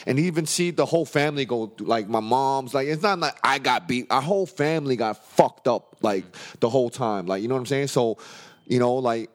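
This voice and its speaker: A man's voice: mid-range voice, fairly quick. A man in his thirties on a podcast, talking bluntly and emphatically with lots of profanity. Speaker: podcast co-host. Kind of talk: candid podcast conversation.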